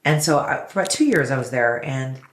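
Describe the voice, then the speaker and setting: A woman's voice: very deep voice, expressive, brisk. An effusive woman singer chats as a guest on an interview show. She tells her stories with big enthusiasm and swears freely along the way. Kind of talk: casual interview chat.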